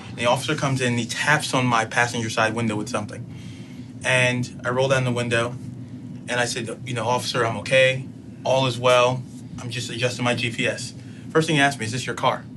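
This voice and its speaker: A man's voice: medium pitch, steady tone, brisk, noisy background. A middle-aged man telling a personal story in casual speech, acting out both sides of a conversation.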